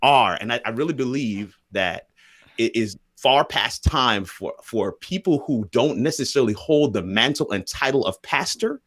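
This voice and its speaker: A man's voice: mid-range voice, animated, normal speed, fairly bright tone, no echo, studio quality. A man on a video call at a live-streamed panel, building a sermon-like point with repeated phrases and a jokey, self-deprecating touch. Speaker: panel guest sharing a faith message.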